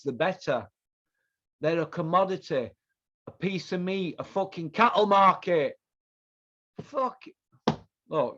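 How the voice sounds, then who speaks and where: Male host, high voice, foul-mouthed heated rant, dull lo-fi recording. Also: fairly bright tone. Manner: profane, heated, repetitive ranting. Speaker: podcast host. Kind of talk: angry ranting commentary. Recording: dull lo-fi sound.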